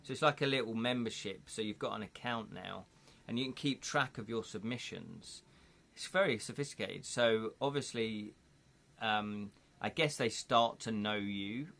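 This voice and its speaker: A man's voice: fairly low pitch, normal speed, creaky, fairly bright tone. Rambling, chatty man hosting a stream. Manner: rambling, self-correcting, loose and chatty. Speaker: host storyteller. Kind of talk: casual rambling livestream chat.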